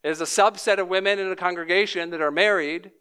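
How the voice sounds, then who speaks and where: A man in his thirties preaching a sermon as pastor, measured and emphatic, repeating key lines. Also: sits high, fairly even intonation, bright, forceful tone, smooth.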